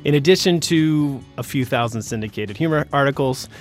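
A man's voice: mid-range voice, a little fast, soft background music. A man hosting a radio show, reading friendly scripted introductions and laughing easily with guests. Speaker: host.

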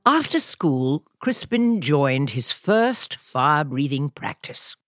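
Slow, lively woman reading a storybook. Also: low voice. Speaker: children's podcast host and reader. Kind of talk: reading a picture book aloud. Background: soft music.

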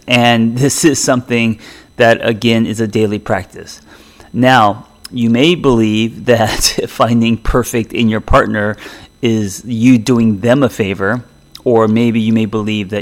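A man's voice: mid-range voice, a little slow. A middle-aged man hosting a solo podcast as a therapist, talking in a loose, reflective way with many restarts. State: choking up from a drink.

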